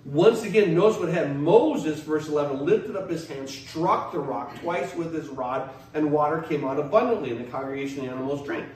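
A man's voice: fairly high pitch, expressive, normal speed, darkish tone. Man, pastor, emphatic sermon, faint background noise, roomy echo. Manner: emphatic, repeats and restarts, asks the congregation questions. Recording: echoey hall, mic at a distance, faint noise.

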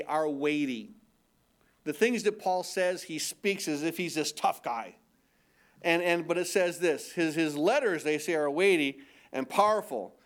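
An older man preaching a sermon from the pulpit, his voice sitting a little higher than most men's. He talks in a loose, conversational way, restarting phrases and doubling words as he goes. Now and then he slips into mock voices to make a point. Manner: mock-incredulous put-on voices for emphasis. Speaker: pastor.

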